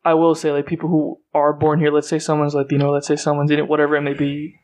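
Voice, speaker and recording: A man from the United States, co-hosting a podcast in casual chat, quick and full of fillers and restarts. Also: on the high side, completely flat delivery, a little mellow. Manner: quick, filler-heavy talk with many restarts. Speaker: podcast co-host.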